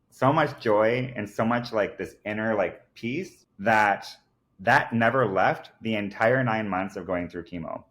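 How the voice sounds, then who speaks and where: Low-voiced man telling his story earnestly. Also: a bit bright. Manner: earnest and emphatic, many fillers like "like" and "I kid you not". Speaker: podcast guest. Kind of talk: personal storytelling in conversation.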